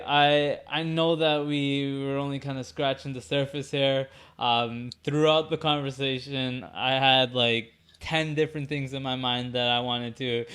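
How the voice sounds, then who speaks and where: A man's voice: mid-range voice, a bit bright, smooth. Thoughtful man hosting a podcast. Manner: thoughtful, halting, repeats words. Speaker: podcast host. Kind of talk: casual conversation.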